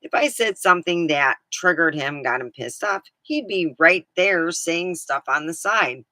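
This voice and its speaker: A woman's voice: on the low side, expressive, measured pace, sharp tone, dry recording, poor audio. A woman livestreaming, chatting casually in a meandering way and swearing now and then. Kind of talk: casual rambling chat.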